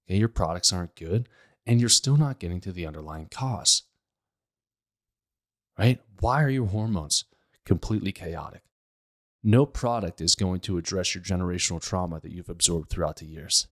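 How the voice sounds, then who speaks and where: A deep-voiced man from Pittsburgh, a health practitioner, hosts a casual health podcast monologue. He talks emphatically at normal speed, fires off rhetorical questions, and leaves long pauses.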